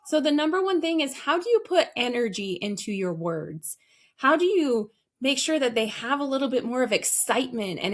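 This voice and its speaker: A woman coaching listeners on how to sound on the phone. Her voice sits a little on the high side, and she talks with energy and plenty of emphasis, like a trainer explaining her craft in an interview. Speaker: guest, customer service voice trainer. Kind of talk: podcast interview answers.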